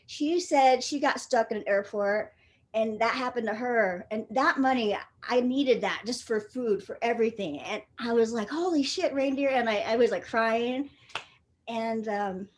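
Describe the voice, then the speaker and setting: Laughing, casual woman telling a story. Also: fairly high pitch. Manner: casual, laughing often, swearing freely. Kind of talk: live personal storytelling.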